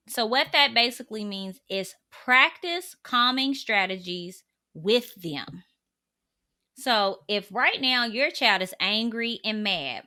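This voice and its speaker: 30s mom vlogging parenting tips, bright clear voice, earnest and straight to the point. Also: female voice, mid-range voice. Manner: earnest, direct, speaks from her own parenting. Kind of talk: casual advice talk.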